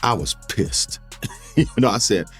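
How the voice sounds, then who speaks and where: A former pro basketball player telling a relaxed, anecdotal story in an interview, laughing at times. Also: male voice, on the low side, a little slow, breathy edge, faint music behind.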